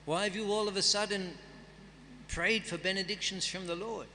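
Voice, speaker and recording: A man's voice: sits high, fairly even intonation, moderate pace, pushed and bright, long reverb tail, a little hiss or hum. A man giving a scripture class, reading and chanting verses and then explaining them in a conversational way. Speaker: guest speaker at a temple festival. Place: temple hall.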